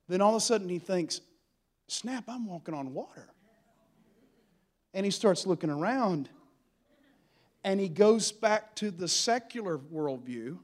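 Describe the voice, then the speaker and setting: A man preaching a sermon as a pastor, in a folksy, humorous style with building fervor. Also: high-pitched.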